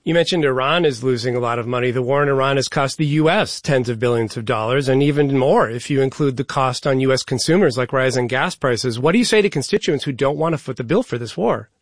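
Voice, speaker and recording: A young man hosting a news interview, asking measured, pointed follow-up questions. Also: medium pitch, no echo, studio quality.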